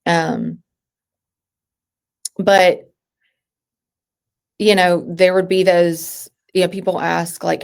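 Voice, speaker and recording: A woman in her thirties with a slightly low voice speaks as a podcast guest. Her talk is halting, full of restarts and sentences that trail off. The tone is that of a personal interview. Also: little pitch movement, vocal fry, a little mellow.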